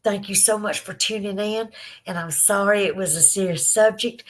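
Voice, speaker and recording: A woman with a Southern accent hosts a livestream and chats casually with her viewers. Her voice is teary from crying, and she talks in an emotional, rambling, affectionate way. Her pitch sits in an ordinary middle range. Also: moderate pace. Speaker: livestream podcast host. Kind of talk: casual chat to live viewers.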